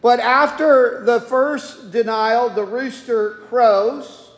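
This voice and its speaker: A man preaching an expository sermon as a pastor, folksy and conversational with humorous asides. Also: extremely high pitch. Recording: echoey hall with long reverb.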